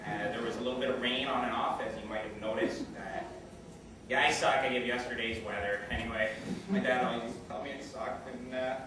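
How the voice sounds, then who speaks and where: A man's voice: medium pitch, steady tone, a little fast, background noise. A man with a Canadian accent improvising as a bumbling weatherman in a mock newscast, rambling and self-deprecating with many hesitations. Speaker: improv performer playing a weatherman. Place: theatre stage with live audience. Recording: echoey stage recorded from far off, audience laughter.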